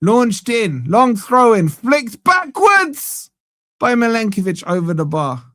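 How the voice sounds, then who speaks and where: A man's voice: very high-pitched, very animated, takes it slowly, fairly bright tone, no echo, studio quality. Exasperated man ranting over football. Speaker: fan channel host. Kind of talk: live match watch-along commentary. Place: studio.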